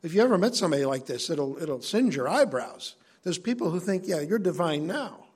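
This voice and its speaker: A man's voice: on the high side, very animated, brisk, darkish tone, husky. A male preacher giving an earnest sermon that explains scripture in a conversational way.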